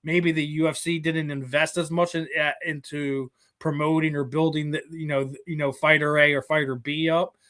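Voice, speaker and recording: A man's voice: a little high, flat delivery, moderate pace, few pauses, a bit bright. A man hosting a casual sports interview, making long, winding, opinionated points. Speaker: interview host.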